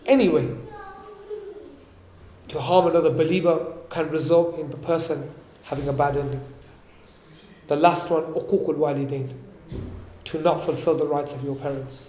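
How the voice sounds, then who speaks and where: Man preaching, kinda high voice, quick arabic bits then explains, roomy echo. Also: fairly even intonation, warm tone, a little hiss or hum. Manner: explains and asks the audience questions. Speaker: religious teacher. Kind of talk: sermon. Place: event hall.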